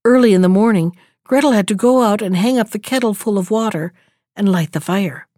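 A woman reading a fairy tale aloud in a measured, expressive storytelling manner. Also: mid-range voice, no room sound, studio quality.

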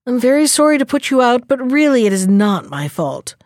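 A woman voicing a sly, scheming male fox in a storybook reading, speaking in a smooth, falsely polite way. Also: fairly high pitch, sing-song, brisk, darkish tone, no echo, studio quality, voice pushed up.

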